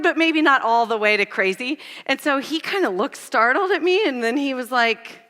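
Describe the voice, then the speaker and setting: A woman with a high, bright voice gives a sermon, telling stories on herself in an animated, self-mocking way. Her voice rings out with the long reverb of a large hall. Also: moderate pace, hardly any pauses. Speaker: church speaker. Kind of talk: sermon with personal storytelling. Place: church auditorium.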